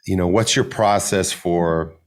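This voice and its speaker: Very deep-voiced man hosting a podcast. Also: fairly even intonation, measured pace. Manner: rambling, searching questions with casual swearing. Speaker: podcast host. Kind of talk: casual interview talk.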